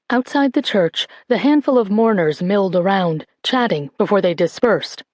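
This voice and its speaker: A woman narrating an audiobook in a calm, even voice on a close studio mic. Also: medium pitch, moderate pace, few pauses, dry recording.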